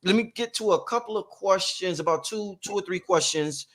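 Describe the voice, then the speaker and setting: A man hosting a live-streamed show in casual chat, animated and swearing freely. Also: fairly quick, crowd noise. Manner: animated, gets loud and high when worked up, swears freely. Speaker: podcast host.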